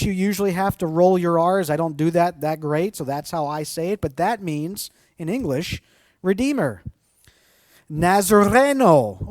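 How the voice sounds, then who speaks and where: A man, a church pastor, giving a friendly children's mission lesson, addressing the kids directly and slowing down over new words. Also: a little high, a little mellow, no echo.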